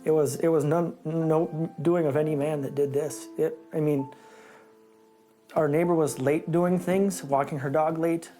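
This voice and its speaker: A man local resident speaking haltingly in an emotional interview, searching for words. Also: a little high, fairly even intonation, dark tone, soft background music.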